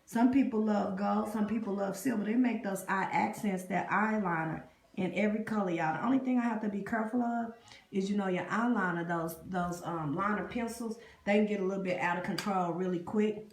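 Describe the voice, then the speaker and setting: A woman talks her live viewers through a makeup tutorial, greeting them by name as she works. Her voice has a gravelly fry, and the phone mic picks up an echoey room. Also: mid-range voice, brisk. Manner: chatty, greets live viewers, calls them y'all and honey. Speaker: beauty vlogger. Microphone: phone camera up close.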